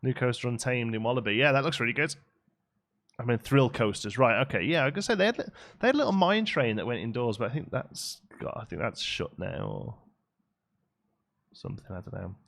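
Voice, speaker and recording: A man's voice: mid-range voice, lively intonation, a little fast, creaky, a bit bright. Chatty man streaming a game. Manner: chatty, answers chat, trails off while building. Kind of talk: casual live-stream commentary.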